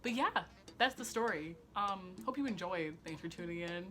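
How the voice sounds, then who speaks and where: A woman recounts a story in a casual vlog, her voice bright and forward. She rambles with plenty of fillers, swears freely and keeps breaking into laughter. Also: on the low side, expressive, moderate pace. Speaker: storytelling vlogger.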